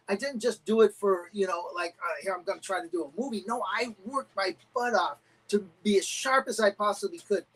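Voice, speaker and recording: A middle-aged man, a karate champion guest, telling animated stories and acting out quotes in a casual interview. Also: sits high, poor audio. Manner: animated anecdotes with acted-out quotes.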